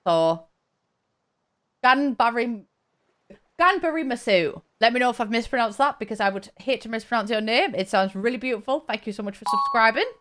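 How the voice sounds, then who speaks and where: A young woman chats through a live gaming stream. She talks in stop-start bursts, full of restarts and quick laughs, in a voice pitched a little high, close to a desk mic. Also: animated, fairly bright tone. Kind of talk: casual live-stream chat while gaming.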